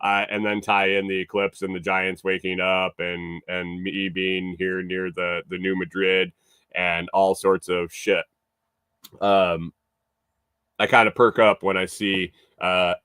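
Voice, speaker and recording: This livestream morning show host delivers casual news commentary, reading stories aloud and then launching into sarcastic, rambling asides with a bit of swearing. His low-pitched voice is bright and forceful, with a clean tone, measured pace, and little pitch movement, recorded dry.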